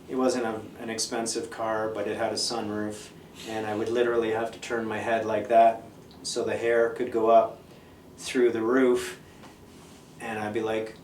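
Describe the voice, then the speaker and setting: A middle-aged man, a punk musician being interviewed, talking in a blunt, profane, animated way. He tells stories in a casual monologue. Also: mid-range voice. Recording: echoey room, mic at a distance, faint noise.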